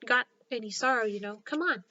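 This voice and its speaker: A woman's voice: a little high, brisk, pushed and bright. An amused, offhand griffin who brushes things off as make-believe , voiced by a woman reading aloud. The storybook recording sounds a bit dull and lo-fi. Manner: offhand, chuckling. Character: gruff, amused male griffin creature.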